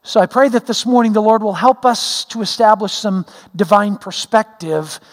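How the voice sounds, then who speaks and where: A man's voice: high-pitched, moderate pace, long reverb tail. A middle-aged man, a pastor, preaching a sermon in a folksy, self-deprecating storytelling way, with many fillers. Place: church sanctuary.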